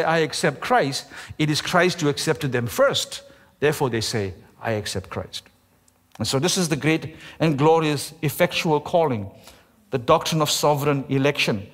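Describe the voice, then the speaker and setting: A man, the pastor, preaching a sermon with emphasis, slowing down and stretching key words. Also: fairly high pitch. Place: church sanctuary. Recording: echoey church hall.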